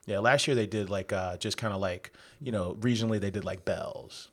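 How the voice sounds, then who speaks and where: A man's voice: lowish voice, fairly quick, a bit bright. A man co-hosting a beer podcast, talking casually with lots of fillers and easy enthusiasm. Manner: chatty, filler-heavy, enthusiastic. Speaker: podcast co-host. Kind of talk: casual chat.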